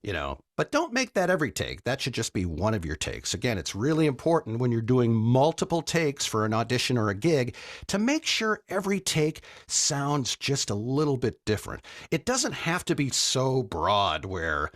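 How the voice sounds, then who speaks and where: Animated male voice coach, dry sound. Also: mid-range voice, moderate pace, dry recording. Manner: relaxed, conversational teaching with frequent "right?" asides. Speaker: voice actor and coach.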